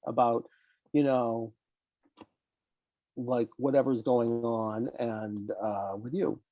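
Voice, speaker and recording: A man's voice: medium pitch, slow, long pauses, warm tone, no echo. An older man, a psychologist guest, telling a case story in conversation and acting out his clients' lines with animation.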